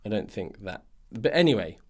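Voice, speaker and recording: A man's voice: lowish voice, big pitch swings, moderate pace, slightly rough. A man hosting a nutrition podcast, ranting in a casual monologue full of fillers and restarts.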